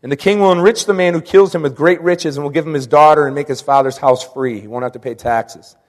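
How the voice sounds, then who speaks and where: A male preacher delivering a sermon in a slightly high voice, hammering home his points by repeating them. His words ring out with a long echo, as in a large church sanctuary. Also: quick pace. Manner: emphatic, repeats key lines, acts out quoted speech.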